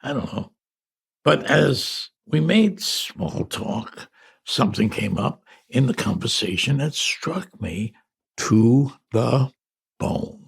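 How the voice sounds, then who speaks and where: An older New man reads his memoir aloud in a deeply gravelly, husky voice. He drifts back through memories with halting restarts and casual asides. His pitch rises and falls a lot. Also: lively intonation. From New York. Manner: reflective, halting, with conversational asides. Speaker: memoir narrator. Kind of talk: audiobook memoir narration.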